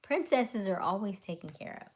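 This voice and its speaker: A woman's voice: medium pitch, animated, moderate pace, a little mellow. A woman hosting a casual livestream, chatting with viewers and answering their comments, often laughing. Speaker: livestream host. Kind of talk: casual live chat with viewers.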